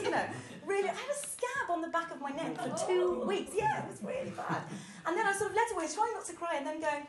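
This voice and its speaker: A woman's voice: extremely high pitch, very animated, normal speed, hardly any pauses, over a noisy crowd. A woman doing stand-up, telling a self-deprecating story on stage and laughing as she goes. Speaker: stand-up comedian. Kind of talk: live storytelling comedy set. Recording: roomy live venue.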